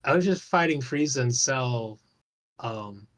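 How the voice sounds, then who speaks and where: As a podcast guest chatting casually about an online game, a man rambles loosely, swears offhandedly, and keeps restarting his sentences. His mid-range voice is fairly bright and lively in intonation, and he speaks unhurriedly.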